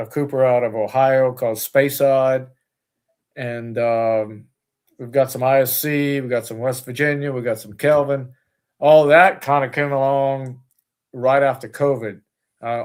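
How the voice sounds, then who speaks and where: Man, distillery owner, casual guest chat, rambling, lots of um and uh, mid pitch. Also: darkish tone, clean tone. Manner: rambling, many fillers and restarts.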